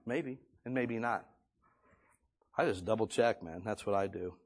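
A male pastor preaching a sermon in a folksy, conversational way, swinging between loud and hushed delivery. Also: on the low side, unhurried. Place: church or meeting room.

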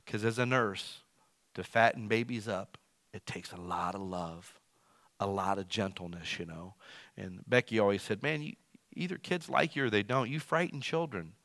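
A man preaching a sermon who calls himself loud. He swings from loud emphatic lines to quiet asides. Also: fairly low pitch, normal speed, no room sound. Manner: self-described as loud. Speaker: pastor.

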